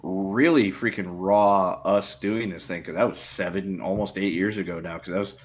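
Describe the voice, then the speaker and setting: A man co-hosting a podcast in casual chat, telling his picks in a measured, opinionated way. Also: low-pitched, steady tone. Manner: measured, drawn-out storytelling, opinionated. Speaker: podcast co-host.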